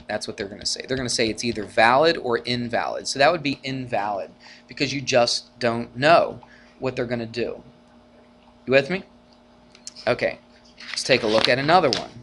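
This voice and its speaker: A faint hiss or hum underlies this clip of a man with a mid-range voice. He's a math teacher giving a casual, conversational college algebra lecture, using rhetorical questions with students and animatedly performing arguments in a rising voice.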